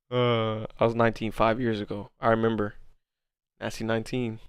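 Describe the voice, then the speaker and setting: A man's voice: fairly low pitch, little pitch movement, moderate pace, clean tone, dry recording. A man in his twenties hosting a trading livestream, reading chat and bantering casually, laughing hard and swearing a lot. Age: 20s. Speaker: forex livestream host.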